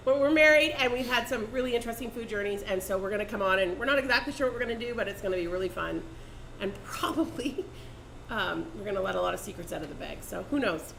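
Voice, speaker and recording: A woman hosting a cooking show in a kitchen studio, chatting casually and bubbly, quick to laugh and repeat her guest. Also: mid-range voice, creaky, a bit bright. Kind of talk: casual chat. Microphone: condenser mic. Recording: echoey room, faint background noise.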